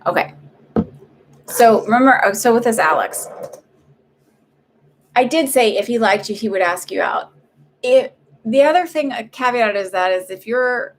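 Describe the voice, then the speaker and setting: A woman with a slightly high voice gives paid psychic readings on a live stream, over a little hiss or hum. She rambles chattily, with plenty of fillers and false starts.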